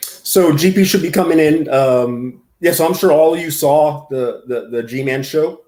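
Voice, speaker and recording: Male streamer, casual and rambling, laughs often, voice on the high side, roomy echo. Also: unhurried, darkish tone. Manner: rambling, laughing, reacting to chat. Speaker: livestream host. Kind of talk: casual livestream chat.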